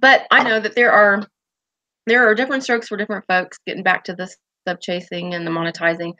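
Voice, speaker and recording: A woman's voice: medium pitch, level tone, fairly quick, bright, forceful tone, dry recording, muffled recording. A woman hosting a casual livestream chat, reading viewer comments aloud and rambling with lots of fillers and restarts. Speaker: host of a pipe-smoking chat stream.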